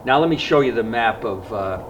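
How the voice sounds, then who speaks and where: A man vlogging about fishing, telling a personal story in an earnest, reflective way and pausing often to regather his thoughts. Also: medium pitch, animated, far from the mic, lo-fi sound, noisy background.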